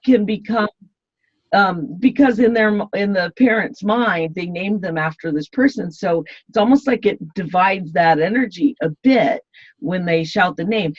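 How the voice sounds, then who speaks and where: A woman's voice: mid-range voice, a little slow, no room sound. Woman interview guest, rambling with fillers, dry muffled recording. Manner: rambling, many restarts and fillers. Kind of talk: casual interview talk. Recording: dull, dry lo-fi sound.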